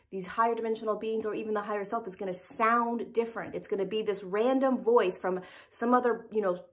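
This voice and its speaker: A woman gives an informal spiritual teaching talk at a steady, mid-range pitch. She speaks earnestly and emphatically and keeps checking in with her listeners, tagging "right?" onto her points. She sounds like she is talking straight to a group. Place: live event replay.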